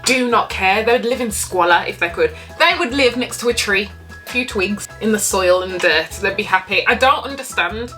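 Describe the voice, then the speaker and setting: Young woman vlogger, bright voice, candid and sweary storyteller. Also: mid-range voice, moderate pace, soft background music. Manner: candid, animated, swears freely. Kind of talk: casual storytime.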